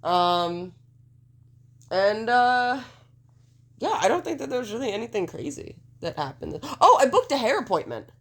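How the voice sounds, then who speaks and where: A woman's voice: fairly high pitch, very animated, unhurried. Rambling, swearing woman podcast co-host. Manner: rambling, laughing, swears freely. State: congested. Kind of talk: casual chat.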